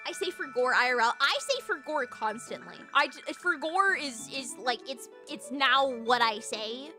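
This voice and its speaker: A woman's voice: sits high, lively intonation, moderate pace, bright, forceful tone, faint music behind. A woman streamer in casual, bubbly, profane chat with her viewers.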